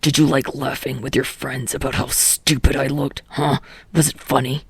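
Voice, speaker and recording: A woman's voice: low-pitched, little pitch movement, extremely slow, creaky, breathy edge, no room sound, pitched below the performer's own voice, exaggerated voice. A woman voicing a brash, foul-mouthed young male hero who snarls and swears in angry outbursts. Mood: bitter rage. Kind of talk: fan audiobook reading.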